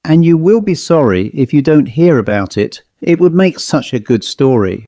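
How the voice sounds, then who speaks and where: A man's voice: fairly high pitch, sing-song, moderate pace, mellow, dry recording. A man voicing a boastful, fanciful young male office clerk who talks in a sly, teasing way.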